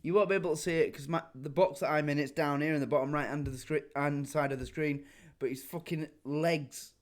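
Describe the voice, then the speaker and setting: A man's voice: a little high, steady tone, fairly quick. A man hosting a reaction video, chatty and sweary, rambling as he comments.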